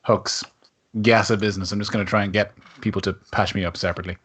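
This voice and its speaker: A man playing a tabletop game and chatting casually, joking and quick to laugh. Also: on the low side, little pitch movement, a bit bright, slightly rough. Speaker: player.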